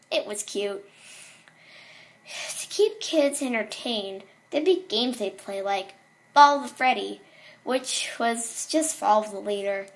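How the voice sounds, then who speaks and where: A woman reading a horror story aloud in a casual way, with small slips and restarts. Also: fairly high pitch.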